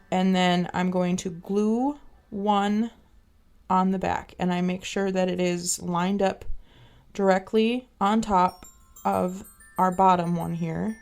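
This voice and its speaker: A woman's voice: lowish voice, fairly even intonation, takes it slowly, vocal fry, darkish tone. A woman hosting a craft tutorial, chatty and casual, with lots of fillers as she explains each step. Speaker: craft channel host. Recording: guitar music behind.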